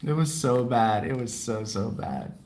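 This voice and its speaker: A man's voice: medium pitch, expressive, measured pace, darkish tone. A man hosting a livestream podcast in a casual, talkative way. He laughs often and answers viewers' comments as he goes.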